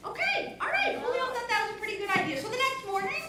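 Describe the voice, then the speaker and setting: A woman's voice: very high voice, animated, very fast, bright, forceful tone. A woman telling a story to a congregation, playful and chatty, joking with volunteers from the audience. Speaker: storyteller at a Shabbat service. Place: large synagogue sanctuary. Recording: echoey hall from far off.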